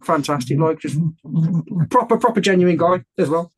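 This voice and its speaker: Man from the UK, slightly higher voice, rambling casual storyteller, full of restarts, video call. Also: animated, moderate pace. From United Kingdom. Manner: rambling, full of fillers and restarts, swears freely. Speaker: podcast guest, ex-soldier motovlogger.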